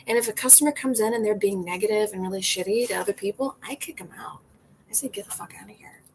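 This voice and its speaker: A woman's voice: mid-range voice, quick pace, slight background noise, rough recording. A woman bartender chatting casually to viewers on a livestream, laughing often and swearing freely. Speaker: bartender and comedian hosting a livestream.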